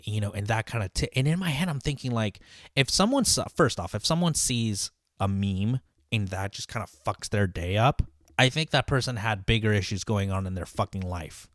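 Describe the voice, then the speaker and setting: A line cook with a lowish voice, captured in studio quality with no room sound, tells a story as a loose, rambling monologue. Heated and constantly cursing, he restarts his sentences often and leans heavily on "like" and "dude."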